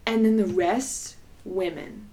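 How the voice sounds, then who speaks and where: A woman's voice: mid-range voice, fairly even intonation, slow, dark tone, faint music behind. A young woman co-hosting a podcast, telling a personal story in casual, rambling chat full of fillers. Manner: rambling, filler-heavy, candid and profane. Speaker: podcast co-host.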